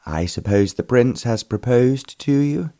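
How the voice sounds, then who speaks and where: A man voicing a gentle, patient wealthy father in an audiobook reading. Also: lively intonation, a little slow, dry recording, clean studio sound. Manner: gentle, low and soothing.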